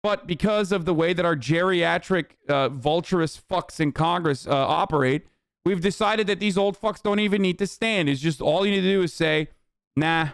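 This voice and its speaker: Smooth-voiced man ranting, sharp and heated. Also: high voice, normal speed, no echo, studio quality. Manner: heated, profane, sarcastic ranting. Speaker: streamer reacting to news. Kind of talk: live-stream reaction rant.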